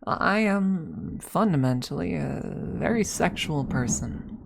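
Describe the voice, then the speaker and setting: A woman's voice: low voice, lively intonation, slow pace, gravelly, background noise. A young woman ASMR streamer sharing frank opinions in a casual, musing monologue full of tag questions.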